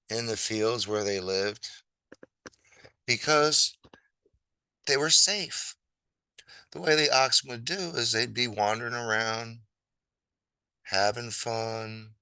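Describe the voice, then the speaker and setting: A man's voice: fairly low pitch, bright, forceful tone, smooth, no echo, poor audio. A man telling an old fable in a casual, rambling and playful way, with chatty asides as he draws. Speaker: storyteller. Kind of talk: casual fable storytelling while drawing.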